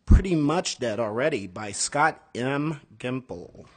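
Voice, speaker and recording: A man's voice: medium pitch, expressive, takes it slowly, very noisy. Guy reading out nominees, dry jokes, pretty matter-of-fact. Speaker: award presenter.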